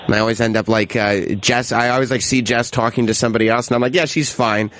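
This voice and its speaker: A man hosting a talk show, telling stories in a lively way and laughing through them. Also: medium pitch, fast talker. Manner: animated storyteller, laughs through his anecdotes. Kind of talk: casual radio chat, storytelling.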